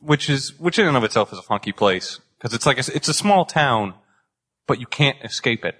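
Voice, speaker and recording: A man's voice: medium pitch, expressive, a little fast, a bit bright, slightly rough. A young man from the Boston area, chatting casually as a podcast guest, rambling and self-deprecating, swearing freely. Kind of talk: casual chat.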